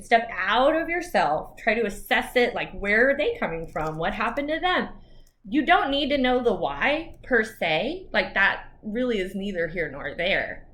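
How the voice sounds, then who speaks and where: A woman's voice: mid-range voice, fairly bright tone. A woman lawyer talking candidly to camera in a personal vlog, chatty with asides.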